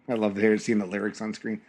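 A man's voice: lowish voice, flat delivery, moderate pace, darkish tone, a little hiss or hum. Giggly rambling male podcast host. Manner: giggly, rambling film fan. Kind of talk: casual chat watching a film.

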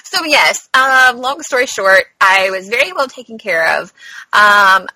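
A woman's voice: medium pitch, expressive, a little slow, sharp tone, no room sound, low-quality recording. A woman telling a story in a casual chat, full of "like" and "um," laughing often as she goes. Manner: chatty, peppered with "like" and "um"; laughs often while talking.

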